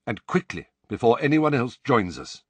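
A man voicing a calm, commanding elderly wizard headmaster who speaks in a measured, grave way. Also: medium pitch, husky, no room sound, voice pushed up. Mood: urgent.

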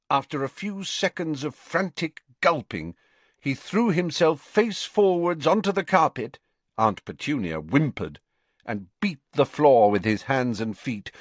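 A man narrating an audiobook in an unhurried, expressive storytelling manner. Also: lowish voice, no echo. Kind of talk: scripted narration.

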